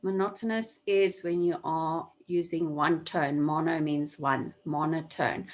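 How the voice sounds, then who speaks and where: Speaking through her computer mic on a video call, this deep-voiced woman explains a task one step at a time, restating the main points to stress them. Her intonation stays fairly even and her pace is measured as she teaches the online class.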